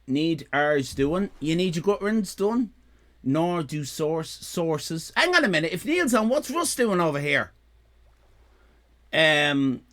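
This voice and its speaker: A man's voice: fairly high pitch, gravelly, a bit bright. A man in his fifties with an Irish accent, chatting casually on a live stream, rambling, repeating himself and joking with his chat. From Ireland. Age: 50s.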